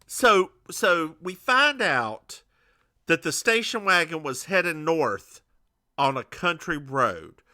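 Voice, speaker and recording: A male podcast co-host in casual recap chat who rambles and restarts his sentences as he jokes around. His voice is bright and animated. He speaks at an unhurried pace. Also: fairly high pitch, dry recording. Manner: rambling, many restarts, joking.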